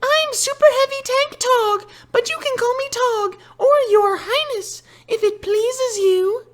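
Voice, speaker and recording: A man voicing a haughty, prim young British tank girl with an English accent and a posh, whiny falsetto. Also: takes it slowly, a bit bright, full character voice. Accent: put-on English. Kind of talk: voicing a game character.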